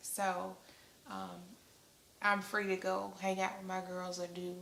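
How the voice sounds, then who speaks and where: A woman in her thirties, a wife in casual couple chat, speaking softly and calmly and laughing often. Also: medium pitch, a little slow, vocal fry. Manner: soft-spoken, calm, laughs often. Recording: echoey room with faint noise.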